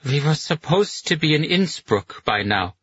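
A man's voice: very animated, a little slow, a bit bright, slightly rough, lo-fi sound, full character voice. A man voicing a drunk, tearful woman who slurs her words. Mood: tipsy, tearful. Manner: slurring, high-pitched and pleading.

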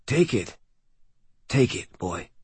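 A man voicing a dying old male swordsman, weak and wheezing, who speaks in slow, broken, rasping phrases. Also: mid-range voice, sing-song, darkish tone, no room sound, voice pushed up, full character voice. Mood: urgent, tender.

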